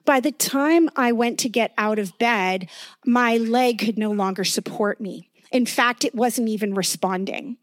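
A woman's voice: a little high, measured pace, no room sound. A woman giving a sermon with personal testimony, talking earnestly and conversationally and often checking in with her listeners. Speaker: preacher.

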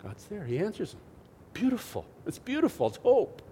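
A man preaching a sermon as a lively storyteller, swinging from loud to hushed and often asking his listeners "right?". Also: sits high, moderate pace, a little hiss or hum. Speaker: pastor.

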